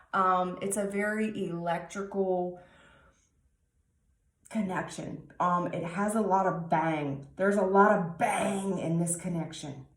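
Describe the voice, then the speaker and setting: A woman giving a tarot reading, talking slowly and musingly with many pauses and restarts. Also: on the low side, echoey room. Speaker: tarot reader.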